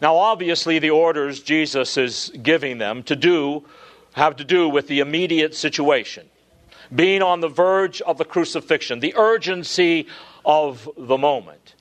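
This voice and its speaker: Earnest preacher, fairly high male voice. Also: moderate pace. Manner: earnest, swings from emphatic rises to low hushed passages. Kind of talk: expository sermon.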